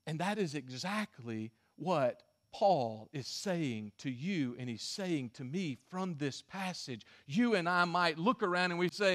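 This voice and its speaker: A male pastor preaching a sermon and telling a story, swinging from emphatic stretches to hushed ones. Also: on the high side, expressive, unhurried, few pauses.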